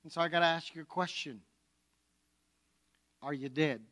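A man preaching an Easter sermon, telling a story and swinging from loud to hushed. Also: fairly high pitch, steady tone, moderate pace, no echo. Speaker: pastor.

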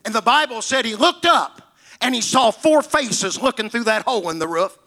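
Male preacher, high and bright-toned, delivering an emphatic sermon with dramatic storytelling. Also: animated, moderate pace. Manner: emphatic, repeating key words for stress; dramatic retelling of scripture stories.

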